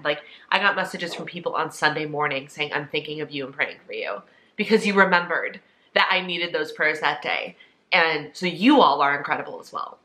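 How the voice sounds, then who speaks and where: A woman in her thirties talks earnestly and emotionally to her viewers in a casual vlog filmed at home. Her voice sits low and has a sharp tone.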